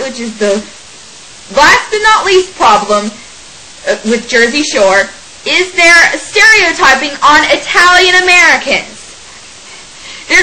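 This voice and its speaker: A young woman in her late teens rants into the camera, exasperated and sarcastic, with laughs breaking in between her complaints. Her voice sits high and swoops up and down. A steady hiss runs under the home recording. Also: poor audio. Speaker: vlogger. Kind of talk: ranting to camera.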